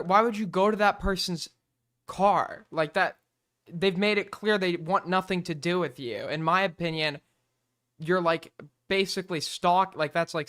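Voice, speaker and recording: A man's voice: high voice, fairly bright tone. Guy streamer ranting about a clip, blunt and sweary, kinda exasperated. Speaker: streamer reacting to videos. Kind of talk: live-stream reaction commentary.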